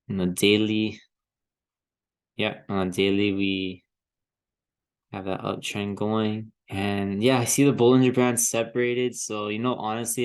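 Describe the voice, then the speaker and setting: A man's voice: lowish voice, flat delivery, unhurried, smooth. A man in a casual vlog talking through trading charts, easygoing and hesitant as he thinks aloud, often trailing off and restarting. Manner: easygoing, chuckles to himself. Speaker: crypto trading vlogger. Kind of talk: casual chart analysis commentary.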